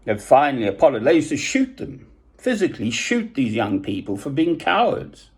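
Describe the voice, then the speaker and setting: Man, husky, lively up-and-down delivery; rambling, self-deprecating monologue with chuckles. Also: medium pitch, a little fast.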